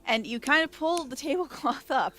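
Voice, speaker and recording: A woman's voice: high voice, animated, moderate pace, fairly bright tone. A woman narrating as game master in a tabletop game, rambling and correcting herself as she describes scenes. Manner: rambling, self-correcting, laughing often. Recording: faint background music.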